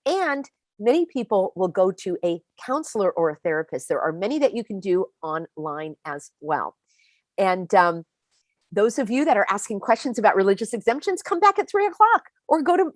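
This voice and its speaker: A woman's voice: mid-range voice, no echo. Woman host, live-stream pep talk, emphatic, dry close sound. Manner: animated, emphatic, speaks straight to viewers.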